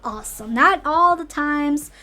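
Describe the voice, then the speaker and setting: A slightly hoarse woman chatting animatedly through a casual rant recapping a TV show, acting out the characters' lines as she goes. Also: high-pitched, expressive, unhurried, pushed and bright, faint music behind. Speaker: show commentator.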